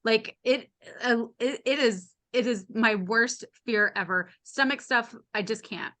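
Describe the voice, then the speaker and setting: A woman's voice: a little high, a little slow. A woman in her late thirties or forties, a podcast guest telling a frank, funny personal story and acting out the voices of the people in it. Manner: animated, acts out the voices of others in her story; candid and frank, with a wry humor. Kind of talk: casual storytelling.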